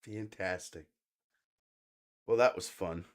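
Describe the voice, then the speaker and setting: A man hosting a casual late-night podcast chat over a video call. He sounds a little high and tired, laughs often and swears a lot. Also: slow pace, a little hiss or hum. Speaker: podcast host.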